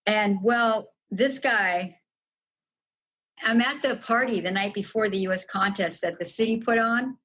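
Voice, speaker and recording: A woman's voice: medium pitch, a little slow, a bit bright, rough recording. An older woman, a podcast guest, frankly recounting her own story and acting out the dialogue she quotes. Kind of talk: candid storytelling interview.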